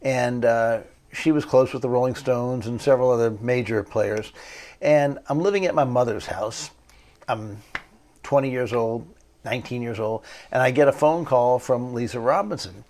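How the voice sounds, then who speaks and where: Gravelly guy spinning old backstage stories, acts out the voices. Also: medium pitch, moderate pace. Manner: animated anecdotal storytelling, acts out quoted voices. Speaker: photographer guest. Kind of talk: storytelling interview.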